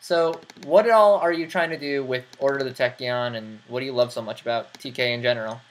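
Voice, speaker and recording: Over a voice call on a computer mic, a male host chats casually with a guest on his online show. He speaks a little fast at a medium pitch, laughs a lot, and wanders into rambling asides. There's a slight hiss or hum.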